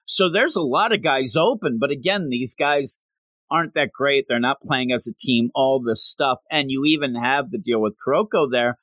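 A man in casual chat, animatedly recapping a story and acting out the characters' lines in quick voices. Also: mid-range voice, a bit bright, no room sound.

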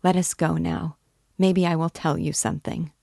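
A woman reading as an impassioned young woman, halting and pleading. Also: sits low, level tone, gravelly, dark tone, no room sound, clean studio sound, heavily acted. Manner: pleading, halting, breaks off mid-sentence. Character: young woman, emotional, torn in love. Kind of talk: dramatic reading of a novel.

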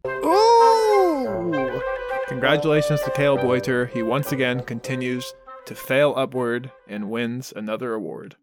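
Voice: mid-range voice, steady tone, moderate pace, over loud music. A podcast co-host talking bluntly and profanely. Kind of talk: casual podcast chat.

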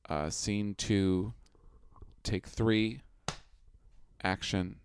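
A man's voice: lowish voice, extremely slow, slight background noise. A young man co-hosting a podcast in goofy, rambling casual chat, calling out mock film-set cues. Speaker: podcast co-host.

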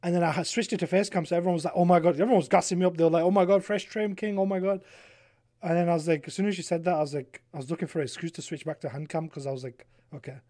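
A young man hosting a podcast, telling stories in a lively, animated way, acting out what people said and laughing often. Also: high-pitched, very fast. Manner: animated storytelling, acting out quotes, laughs a lot. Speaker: podcast host and streamer. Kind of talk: casual chat.

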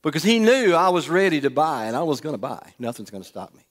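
A man's voice: on the high side, sing-song, fast. A middle-aged man, preaching as he tells a humorous personal story and throws questions to the audience. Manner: folksy, asks the audience questions. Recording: long reverb of a large hall.

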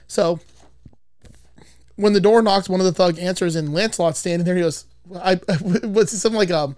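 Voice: medium pitch, brisk, a little mellow, no room sound, studio quality. A podcast host casually retelling a movie's plot, rambling with frequent swearing.

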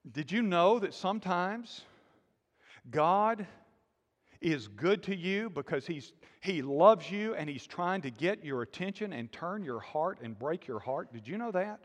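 A man preaching a sermon in a lively call-and-response style, with sudden loud bursts. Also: high-pitched, unhurried. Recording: long hall reverb.

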